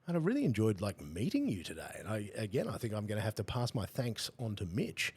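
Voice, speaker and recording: A very deep, gravelly Australian man hosts a casual interview podcast. His voice is heavily husky, yet it swings widely in pitch as he rambles through swear-laced stories. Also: sing-song, quick pace, darkish tone. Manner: loose, rambling storyteller with bursts of laughter and swearing. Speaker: podcast host.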